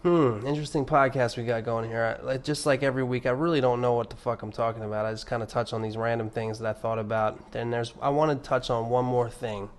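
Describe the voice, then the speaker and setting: A young man talks alone on his podcast at a middle pitch, rambling and cursing freely as he restarts his sentences. His tone is sardonic. He swings from loud, emphatic bursts down to low, mumbled asides. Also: steady tone, fast, hardly any pauses. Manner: rambling, profane, restarts often. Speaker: podcast host. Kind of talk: casual solo podcast monologue.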